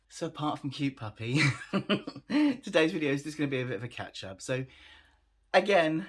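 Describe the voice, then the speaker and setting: A man's voice: fairly high pitch, sing-song, moderate pace, pauses often. A tired man chatting casually to his camera as a vlogger, laughing often and making fun of himself. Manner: chatty, laughs often, self-deprecating, trails off.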